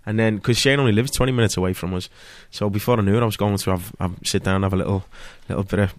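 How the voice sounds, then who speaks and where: Fast-talking Scouse man. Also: on the low side, no echo. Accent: Liverpool (Scouse). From Liverpool, England. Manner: animated storyteller, quick to laugh. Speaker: actor guest. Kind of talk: casual interview chat.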